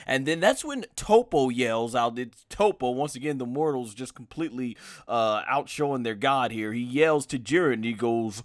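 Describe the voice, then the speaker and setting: A man's voice: medium pitch, lively intonation, moderate pace, hardly any pauses, dry recording, studio quality. A man co-hosting a casual review discussion, recapping scenes with many fillers. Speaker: anime reviewer, co-host.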